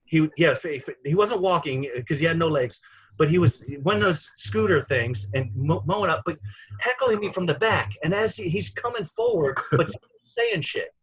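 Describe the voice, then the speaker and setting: A man's voice: on the high side, expressive, normal speed, fairly bright tone, breathy edge, rough recording. A man, a stand-up comedian, telling a story in casual, profane, rambling talk and laughing at his own jokes.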